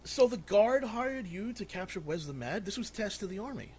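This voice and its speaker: A man's voice: high-pitched, lively intonation, a little mellow, a little hiss or hum, voice pushed up. A man voicing a shaken middle-aged nobleman consul who stammers and halts mid-sentence. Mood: uneasy. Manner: halting, flustered.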